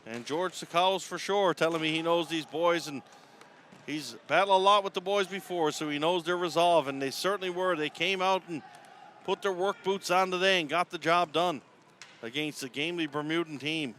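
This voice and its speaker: A man's voice: fairly high pitch, normal speed, fairly bright tone, a little hiss or hum. A man from Newfoundland with a Newfoundland accent, calling live play-by-play from the top of an indoor arena in a chatty, folksy way. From Newfoundland, Canada. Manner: chatty and folksy, chuckles between calls. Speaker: play-by-play commentator. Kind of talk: live sports play-by-play commentary.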